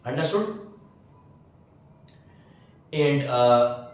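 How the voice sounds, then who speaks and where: A man's voice: mid-range voice, lively intonation, very slow. A man teaching English grammar, hesitant with many fillers, often repeating phrases, spelling words out letter by letter and checking whether the class has understood. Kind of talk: spoken grammar lesson. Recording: very echoey room, distant mic.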